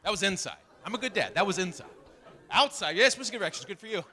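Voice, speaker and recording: Fast, bright and forceful, a middle-aged man's high, lively voice carries his stand-up routine, in which he mimics his wife and son. The audience at the live comedy stage can be heard laughing.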